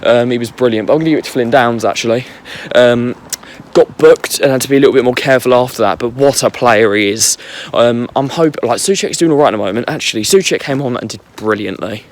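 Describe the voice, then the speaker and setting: A young man with a voice going hoarse, recapping a football match in casual rambling chat while walking outside at night. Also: mid-range voice, quick pace. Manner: rambling, filler-heavy fan chat. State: losing his voice. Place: walking on a street at night outdoors.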